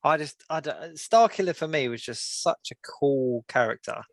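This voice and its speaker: Gravelly young man chatting. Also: on the high side, lively intonation, normal speed, dry recording. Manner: enthusiastic, laughs often, quotes others in voices. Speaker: podcast co-host. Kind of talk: casual chat.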